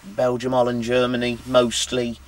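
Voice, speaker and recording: Chatty English truck driver. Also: male voice, mid-range voice, completely flat delivery, moderate pace. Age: 20s. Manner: chatty, anecdotal, many "you know" fillers. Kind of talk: casual interview chat. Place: outdoors at a harbour.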